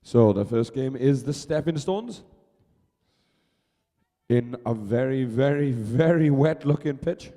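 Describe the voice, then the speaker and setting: Male arena announcer, mellow voice with long PA reverb, brisk and chatty live race calls. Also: medium pitch, expressive. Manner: brisk, chatty, urging and teasing. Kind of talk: live sports commentary over a public address.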